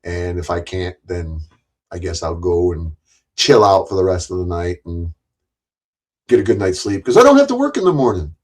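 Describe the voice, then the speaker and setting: A man's voice: sits low, big pitch swings, normal speed, a little mellow. A middle-aged man hosting a casual livestream, rambling, joking crudely and laughing often. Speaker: livestream host.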